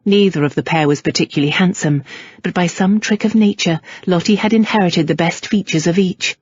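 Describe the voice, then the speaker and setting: A woman narrating a historical romance audiobook in a measured, even storytelling manner. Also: fairly low pitch, husky, no echo, muffled recording. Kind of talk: scripted narration.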